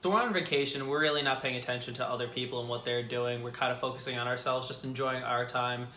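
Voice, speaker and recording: A young man tells a story casually to camera as the co-host of a vlog. His voice is bright and forceful, and he laughs often. The room has a noticeable echo with faint background noise. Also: medium pitch, fairly even intonation, quick pace.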